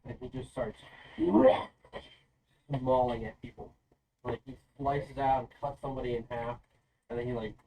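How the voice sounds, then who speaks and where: A man's voice: mid-range voice, darkish tone, a little hiss or hum. A man running a tabletop game as game master, narrating in a loose, rambling way. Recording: voice sounding far from the mic.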